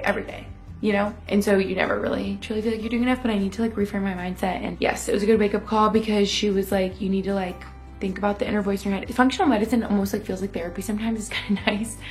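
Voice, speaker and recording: A young woman talks straight to her viewers in a casual vlog, stringing thoughts together with constant "like"s and little acted-out quotes of herself and others. Her voice sits in an ordinary middle pitch for a woman. Soft music plays faintly underneath. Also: creaky. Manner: chatty, lots of "like", quoting herself and others. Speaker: vlogger. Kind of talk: casual confessional vlog chat.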